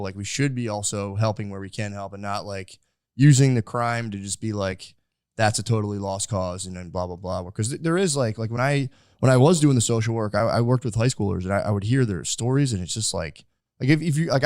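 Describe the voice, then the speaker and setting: A man in his thirties talks fast in loose podcast chat, stringing thoughts together with constant fillers. His voice sits on the low side. The sound is dry and close. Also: a little mellow, clear, resonant tone, no room sound. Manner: rambling, lots of "like" fillers, acts out quotes. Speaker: podcast co-host. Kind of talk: casual podcast conversation.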